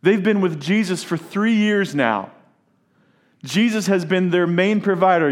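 Emphatic male pastor preaching. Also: sits high. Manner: emphatic, with dramatic pauses and shifts from loud to hushed. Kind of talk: sermon.

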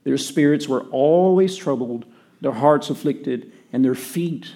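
Gravelly-voiced man preaching a sermon. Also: medium pitch, a little slow. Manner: earnest preaching, drops to quiet emphasis. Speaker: pastor.

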